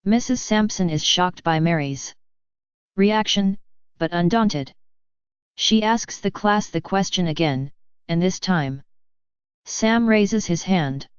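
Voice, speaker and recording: A woman reads jokes in a deadpan, measured way, at an unhurried pace. Her voice is clear and smooth and sits slightly low. The recording is dry and a little dull. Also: no echo. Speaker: joke reader. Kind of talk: scripted joke narration.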